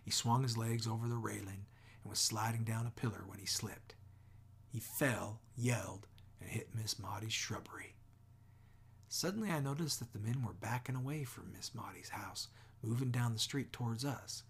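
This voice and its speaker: Gravelly male audiobook narrator. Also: fairly low pitch. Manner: measured reading, dropping often into near whispers. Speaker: audiobook reader.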